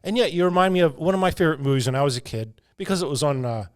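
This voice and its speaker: A man's voice: a little high, lively intonation, racing, clear, resonant tone. Male podcast co-host, casual and rambling, laughs easily. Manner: rambling, chuckles often. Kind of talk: casual chat.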